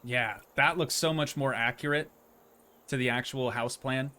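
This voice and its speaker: A man's voice: medium pitch, a little slow, sharp tone. Young man, game streamer, casual commentary, rambling, self-deprecating.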